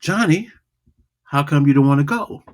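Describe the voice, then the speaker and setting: Man putting on a loud insistent mom. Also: lively intonation, moderate pace, lightly acted. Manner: loud, insistent, raised pitch. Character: mother calling her young son to school.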